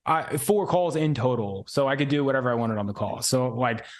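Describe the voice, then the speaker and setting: A man's voice: mid-range voice, fairly quick. A man in his twenties, a podcast guest telling a story in loose, slangy casual chat full of "like" and "bro". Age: 20s.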